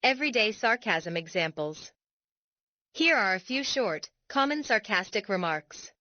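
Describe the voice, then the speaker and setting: A woman with a bright, forward voice reads an educational script in a measured, deliberate way. The audio is dry and slightly dull, like a modest home setup. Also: medium pitch, expressive, no room sound. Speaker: educational narrator. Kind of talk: scripted explanatory narration.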